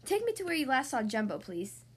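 A woman voicing a calm, deliberate male detective in a storybook read-aloud, pitching her voice low and speaking slowly and thoughtfully. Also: slightly rough, exaggerated voice.

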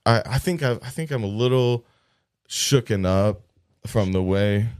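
A man's voice: fairly low pitch, unhurried, darkish tone, smooth. A man with a Southern US accent, co-hosting a casual podcast chat, drawling, swearing freely and defending his folksy pronunciation. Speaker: podcast co-host.

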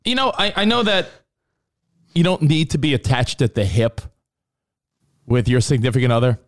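A married man co-hosting a casual chat, telling rambling stories with animated bursts. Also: mid-range voice, moderate pace. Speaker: co-host.

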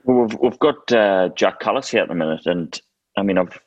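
Low-voiced man telling lively anecdotes. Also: brisk, dry recording, lo-fi sound. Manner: lively anecdotal storyteller, laughs often. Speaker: co-host. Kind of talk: casual chat.

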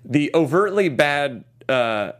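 A man's voice: a little high, takes it slowly. A man hosting a casual podcast, recapping an action movie with jokes and quoted lines. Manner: animated storyteller, jokes and quotes clips. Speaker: podcast host reviewing a movie. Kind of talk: casual chat.

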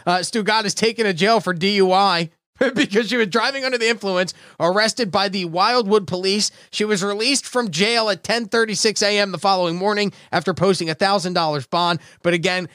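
A man with a high voice hosts a casual comedy show from his bedroom. He tells stories animatedly, often laughing mid-sentence. The sound is close and dry. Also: brisk, few pauses, no echo. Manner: animated storytelling, frequent laughing asides. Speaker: host.

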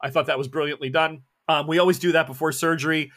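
A man's voice: fairly high pitch, fairly even intonation, fast talker, a bit bright. A man running a tabletop horror game as game master, narrating the action with joking asides.

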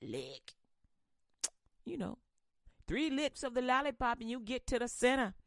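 A woman voicing a sly male tempter who coaxes in a hushed, lower voice. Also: big pitch swings, measured pace, dry recording, studio quality. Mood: wheedling. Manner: wheedling, hushed.

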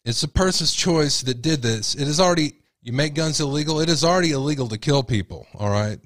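A man's voice: a little high, expressive, a little fast, a bit bright, no echo. A man hosting a casual commentary show, blunt and opinionated. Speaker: commentary host.

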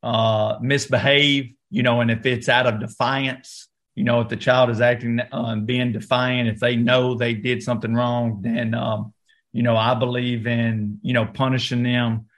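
A man with a Southern American accent, an actor talking as a podcast guest, relaxed and loose, full of fillers and restarts. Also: medium pitch, moderate pace. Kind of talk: interview, casual talk.

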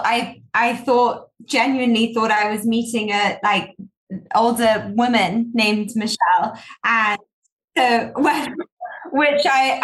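A young woman speaking in an interview, talking in long rambling sentences about her design partner. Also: a little high. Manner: rambling, full of fillers and restarts. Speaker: designer, guest. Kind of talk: casual interview chat.

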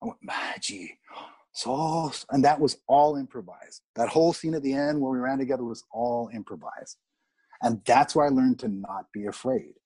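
Here is a man from Canada with a husky, slightly breathy voice, recorded dry and close. He talks through his acting career in a candid, animated way and curses freely as he goes. His pitch sits right in the middle for a man. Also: normal speed, no echo. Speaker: actor guest. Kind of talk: casual interview storytelling.

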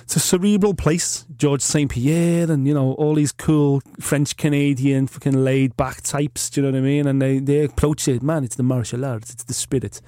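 A man's voice: medium pitch, steady tone, normal speed, few pauses, warm tone, no echo, studio quality. A man co-hosting a podcast in casual chat, laddish and swearing freely. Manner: laddish, swears, laughs a lot. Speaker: podcast co-host.

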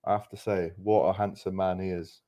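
A man's voice: deep voice, little pitch movement, a little fast, dark tone. A man with a Scouse accent from Liverpool, hosting a live football podcast in upbeat, chatty talk and reading out viewer comments. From Liverpool, England. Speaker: podcast host.

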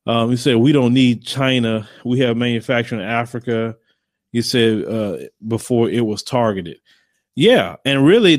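A man's voice: mid-range voice, no room sound. Blunt rambling man, dry close sound. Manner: blunt, rambling, with repeated phrases and mocking put-on voices. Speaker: commentary show host. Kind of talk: casual commentary to viewers.

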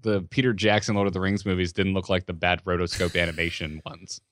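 A man co-hosting a casual gaming podcast, quick and wry, asking rhetorical questions. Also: low-pitched, little pitch movement, fairly bright tone, no room sound, studio quality. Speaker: podcast co-host.

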